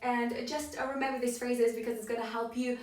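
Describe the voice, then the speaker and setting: A woman teaching a language lesson, explaining patiently and modeling each phrase with clear rising intonation. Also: on the high side, flat delivery, brisk, a little mellow. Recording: roomy echo, distant from mic.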